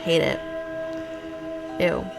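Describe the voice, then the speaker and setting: A woman streaming casual reaction commentary on a horror film, blunt and expressive, groaning and cursing freely. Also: drawn-out words, over loud music.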